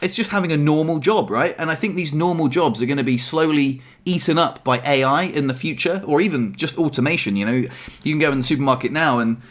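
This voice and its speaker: A man's voice: fairly high pitch, fairly quick. A young man chatting casually in a self-deprecating, upbeat vlog about his life at home. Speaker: vlogger. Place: apartment.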